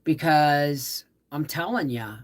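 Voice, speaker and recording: A middle-aged woman hosting a casual live stream, tired from a migraine, talking softly and trailing off as she greets viewers. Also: deep voice, animated. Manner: slow, soft-spoken, trailing off, greeting viewers warmly by name. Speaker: livestream host.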